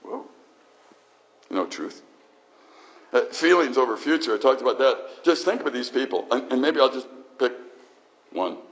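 A male pastor preaching a sermon in an emphatic, conversational way with frequent restarts. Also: medium pitch.

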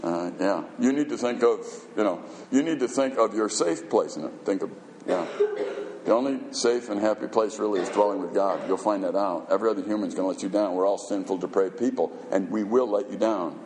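A man's voice: fairly low pitch, fairly quick, darkish tone. A man preaching a sermon as a pastor, emphatic and conversational, firing off rhetorical questions. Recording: echoey hall reverb.

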